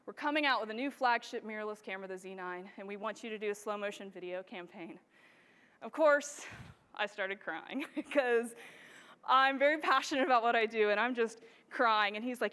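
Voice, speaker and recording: A woman photographer giving an excited, bubbly talk on a conference stage to a live audience, laughing often. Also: a little high, brisk, clean tone. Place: large event stage before a live audience. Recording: long hall reverb.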